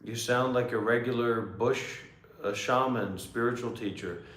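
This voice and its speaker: A man hosting a livestream, who talks in a slow, deliberate, probing way while quizzing an AI. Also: medium pitch, fairly bright tone. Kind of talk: casual live chat. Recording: echoey room.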